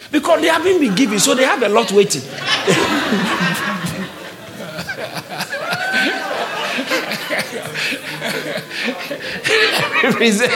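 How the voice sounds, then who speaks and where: A high, bright male voice, preaching with big swings in pitch from quiet asides to shouted calls. He often laughs between phrases. The sound carries the echo of a large church hall. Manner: animated preaching, rising to shouts. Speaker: pastor. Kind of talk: sermon.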